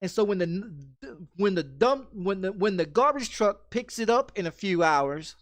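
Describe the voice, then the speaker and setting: A man's voice: high-pitched, animated, measured pace, no echo, studio quality. A streamer telling a story in casual chat, blunt and heavy on profanity, often repeating his phrases.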